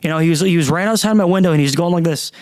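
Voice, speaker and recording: A man's voice: fairly high pitch, very fast, a little mellow, dry recording. A young man hosting a podcast, talking casually in a rambling, self-interrupting way with frequent swearing, in front of a camera at his computer. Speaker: podcast host. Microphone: camera and computer at a desk.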